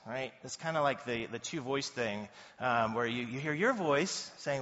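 Man, pastor, conversational sermon, forceful tone, reverberant hall, muffled sound. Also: medium pitch, fairly quick. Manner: conversational and animated, acting out quoted voices. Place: church hall.

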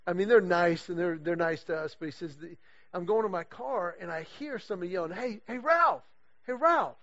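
A middle-aged man preaching to a men's group, his voice sitting high for a man. He tells stories with lively animation and acts out the people he quotes. The recording sounds dull and lo-fi. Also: fast talker. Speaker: guest speaker leading a men's series. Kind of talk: storytelling sermon talk.

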